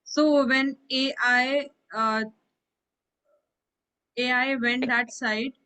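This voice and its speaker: A woman's voice: high-pitched, fairly even intonation, extremely slow, bright, forceful tone, clean tone, poor audio. A woman teaching French in an online lesson, explaining patiently and often checking that her student understands. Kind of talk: online one-on-one language lesson.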